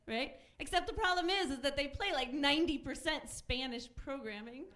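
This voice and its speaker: A woman's voice: high voice, normal speed, a bit bright. A woman in her thirties doing a chatty stand-up set on a comedy club stage, laughing between her lines. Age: 30s.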